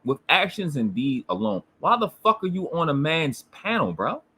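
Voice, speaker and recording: A fairly high-pitched man talks back at a replayed livestream with a husky, strained tone. His delivery swoops up and down as he mocks and curses. He sounds like a combative host holding court on his own channel. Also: big pitch swings, moderate pace, pushed and bright. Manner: combative, mocking and profane. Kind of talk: reacting to a replayed livestream clip.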